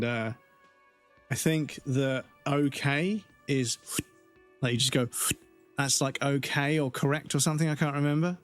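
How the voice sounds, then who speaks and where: A man chatting casually while streaming a game, rambling and swearing freely. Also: mid-range voice.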